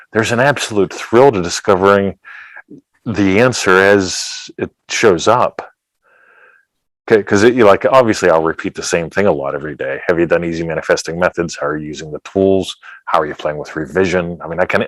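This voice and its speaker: Deep-voiced man, dry close sound. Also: no room sound, rough recording. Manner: rambling, playful. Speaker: host. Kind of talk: casual conversation.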